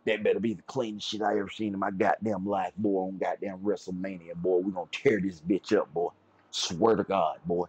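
A man voicing a loud, furious male wrestling fan cutting a profane, threatening promo in a husky voice. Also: deep voice, level tone, fairly quick, no echo, muffled recording.

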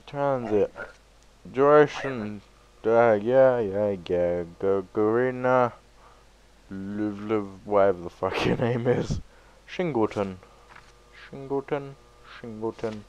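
A man giving sweary, excitable let's play commentary, breaking into loud yelps between muttered remarks. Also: on the low side, slow, smooth, lo-fi sound. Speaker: gaming YouTuber.

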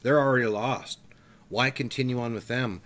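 A man's voice: medium pitch, fairly even intonation, normal speed, fairly bright tone. A man preaching fervently on a talk show, emphatic and emotional, his voice climbing when he gets worked up.

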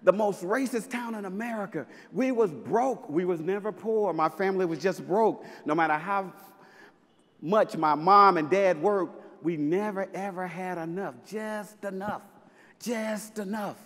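A man from Mississippi, a basketball coach giving a punchy, playful talk on stage with bursts of loud emphasis. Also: sits high, moderate pace, in a large hall. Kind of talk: live inspirational stage talk. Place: large festival venue with audience.

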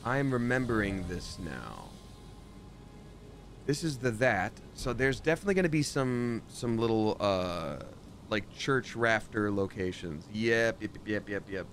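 A man's voice: fairly low pitch, unhurried, a little hiss or hum. A man casually commenting while playing a game on a live stream, chatty and jokey, reading out viewer donations. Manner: animated, jumps between mumbling and excited.

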